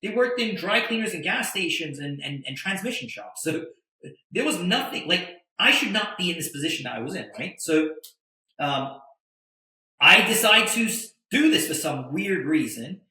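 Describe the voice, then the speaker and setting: A man, a podcast guest, telling a story in a casual, animated way, with stammered restarts and tag questions. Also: a little high, moderate pace, heavy reverb, low-quality recording. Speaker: podcast guest, attorney and entrepreneur.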